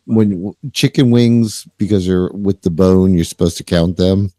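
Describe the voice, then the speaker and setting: A man's voice: low-pitched, mellow, dry recording. A man co-hosting a casual podcast chat, starting over often as he talks. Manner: halting, restarts often. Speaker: podcast co-host.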